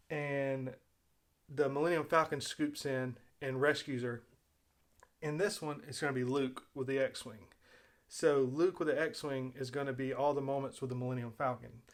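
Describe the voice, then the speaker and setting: A man of ordinary pitch talks loosely through his own video. He retells events at length, backs up on his words and drops fillers as he goes. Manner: rambling retelling with fillers and restarts. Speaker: video host. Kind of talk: casual spoken commentary.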